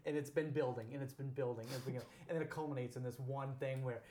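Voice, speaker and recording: A man's voice: medium pitch, fairly even intonation, fast talker, mellow, echoey room, a little hiss or hum. A middle-aged man hosting a casual interview, a theater director, prompting his guest in a conversational way.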